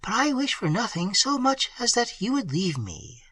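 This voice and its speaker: A man voicing a frightened young heroine who speaks in a high, trembling voice. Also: sing-song, normal speed, pushed and bright, husky, no room sound, far from the mic, full character voice. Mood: cold.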